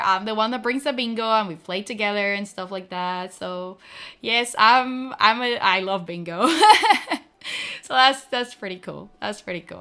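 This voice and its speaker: A woman streamer chatting casually to her viewers, talking fast and filling her speech with "like". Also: fairly high pitch, pushed and bright, clean tone. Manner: fast-talking, full of "like" fillers. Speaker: streamer debuting a virtual avatar. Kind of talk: casual chat.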